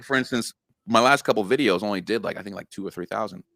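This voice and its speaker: A man's voice: lowish voice, fast, creaky, a bit bright, dry recording, clean studio sound. A man guest on a casual interview chat, earnestly explaining things step by step. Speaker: guest content creator.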